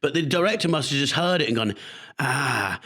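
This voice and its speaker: A man's voice: a little high, lively intonation, rapid-fire, fairly bright tone. Chatty man telling rambling stories. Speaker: podcast co-host. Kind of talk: casual chat. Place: remote recording.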